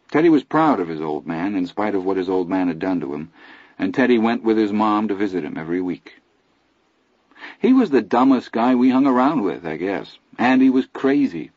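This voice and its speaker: Husky, low-voiced male narrator. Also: a little mellow, dry recording, lo-fi sound. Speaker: audiobook narrator. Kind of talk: first-person literary narration.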